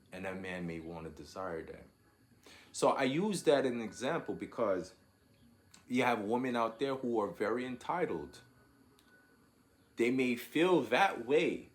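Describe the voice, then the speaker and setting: Slow-talking man giving opinion commentary. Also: mid-range voice, animated. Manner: drawn-out, repeats words while searching for the point.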